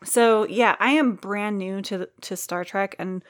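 A woman's voice: medium pitch, measured pace, dry recording. A woman co-hosts a podcast in easy, casual chat, joking about herself and dropping the odd swear word. Her voice sits in an ordinary middle range. The recording is close and dry. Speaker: podcast co-host.

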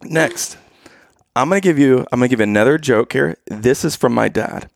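This man's voice is mid-range and creaky, moving at a normal speed, in a dry, clean studio recording. He tells his wife dad jokes casually and playfully, laughing at his own punchlines.

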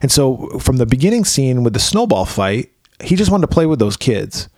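In a casual film chat on a podcast, a male co-host talks through a movie recap, laughing and cursing easily. His medium-pitched, darkish voice swings widely in pitch at a moderate pace, picked up on a close mic with no room sound.

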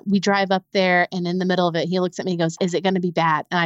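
A young adult woman, a podcast guest, telling a painful personal story in a halting way, repeating words when it gets hard. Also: fairly low pitch, flat delivery, no room sound, highs cut off.

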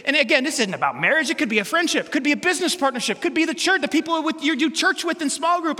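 A man preaching a sermon as pastor, animated and humorous, acting out quotes from everyday life. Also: very high voice, fast, few pauses, in a large hall.

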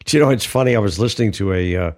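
A man with a low voice co-hosts a casual podcast. He talks in loose, rambling stories full of fillers and restarts. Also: rapid-fire, darkish tone. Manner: rambling storyteller, many fillers. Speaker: podcast co-host. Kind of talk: casual chat.

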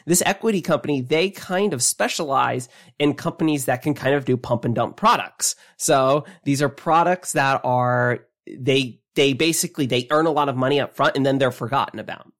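An animated man co-hosts a casual gaming podcast. His voice sits at a middling pitch, and his talk jumps up and then drops off. He often breaks off mid-sentence and starts over. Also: moderate pace, few pauses. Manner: animated, chatty, trails off and restarts. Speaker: podcast co-host.

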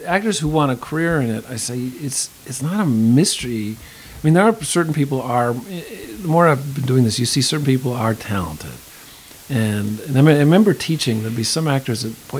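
A middle-aged man speaks in a relaxed interview, circling his thoughts with frequent restarts and self-corrections. His voice sits at an ordinary pitch, and a faint hiss runs under the recording. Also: fairly quick, poor audio. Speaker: actor and acting teacher. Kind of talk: conversational interview.

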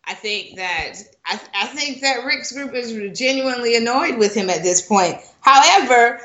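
Bright-voiced woman podcast co-host. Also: on the high side, lively intonation, moderate pace, dull audio. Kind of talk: casual discussion of a TV episode. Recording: roomy echo.

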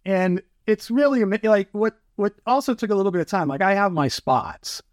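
Animated man telling fishing stories. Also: high voice, fairly quick, no echo, clean studio sound. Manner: animated, acts out quotes, lots of fillers. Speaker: fly fishing guest. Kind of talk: casual storytelling chat.

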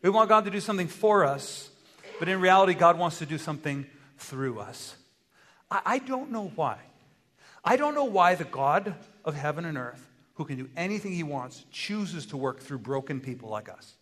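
A man preaching a sermon as pastor, animated, acting out dialogue and asking his listeners rhetorical questions. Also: on the high side, normal speed. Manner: animated, acts out dialogue with God in varied voices; asks the congregation rhetorical questions. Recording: long hall reverb.

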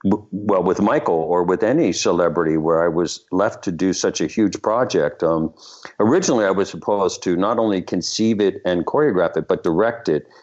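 A man, a choreographer and director, telling lively stories in an interview and acting out the people in them. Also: low voice, moderate pace. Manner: animated anecdote-telling, voices the people in his story. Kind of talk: storytelling interview. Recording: muffled lo-fi sound.

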